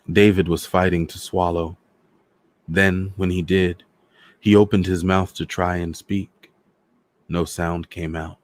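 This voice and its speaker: A man hosting a storytime show, reading a novel aloud in a measured, dramatic way. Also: low-pitched, flat delivery. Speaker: storyteller host.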